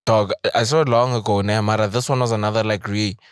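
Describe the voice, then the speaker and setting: A man's voice: on the low side, fairly even intonation, fast talker, clean tone, no echo, studio quality. A man co-hosting a podcast in casual chat, slangy and calling people "dog". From South Africa. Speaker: podcast co-host.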